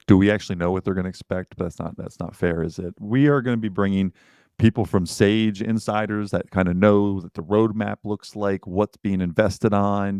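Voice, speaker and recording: A man's voice: lowish voice, a little mellow, clean tone, no echo, studio quality. A man co-hosting a casual podcast, thinking aloud as he talks. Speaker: podcast co-host.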